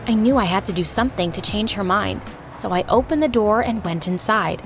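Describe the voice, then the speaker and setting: A woman narrating a first-person animated story in an expressive, scripted storytelling voice. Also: mid-range voice, brisk, music in the background.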